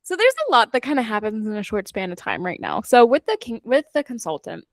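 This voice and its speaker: Animated woman retelling a book plot. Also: a little high, fast talker, no echo, clean studio sound. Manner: animated, laughing, acting out characters' lines. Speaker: book club podcast host.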